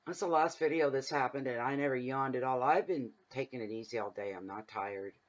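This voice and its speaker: A man doing a casual tarot reading from his home at night, rambling and chatty as he drifts off into side stories. His voice sits at an everyday middle pitch, and the recording sounds a bit dull and lo-fi. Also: steady tone, brisk. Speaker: tarot reader. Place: home room at night, windows open.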